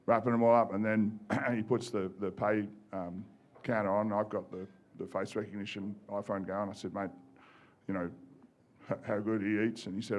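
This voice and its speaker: A man's voice: fairly low pitch, flat delivery, moderate pace, darkish tone. A man in his forties with an Australian accent, a former rugby player telling self-mocking stories on a podcast and laughing as he goes. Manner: laughing, self-mocking anecdotes, swears freely. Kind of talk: casual storytelling on a podcast.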